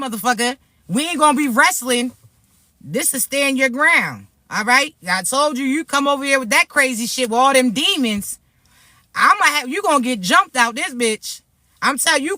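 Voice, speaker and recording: A woman spiritual reader vlogs straight to her followers, and her voice is bright and forceful. She talks hard, blunt and profane, with streetwise warnings. The sound is dry and close. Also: high voice, dry recording. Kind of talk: direct-to-camera spiritual vlog.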